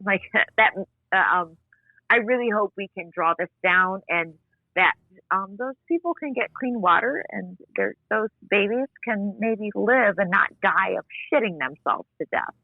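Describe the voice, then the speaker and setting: A young woman co-hosting a talk show, chatty and animated, swearing freely. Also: medium pitch, unhurried, gravelly, no room sound. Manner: animated, swearing, laughing often. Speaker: co-host. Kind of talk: casual chat. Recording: dry, phone-like line.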